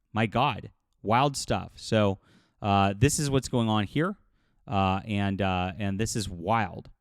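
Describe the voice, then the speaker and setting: A man's voice: fairly low pitch, no echo, studio quality. A man hosting a commentary video, talking in an agitated, indignant rant with frequent restarts. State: livid. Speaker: commentary host. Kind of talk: angry commentary monologue.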